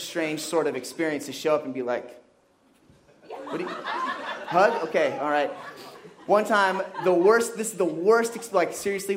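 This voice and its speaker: A young man who grew up in Kenya, a youth pastor giving a sermon with animated, joking storytelling. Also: fairly high pitch. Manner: animated storytelling, jokey asides.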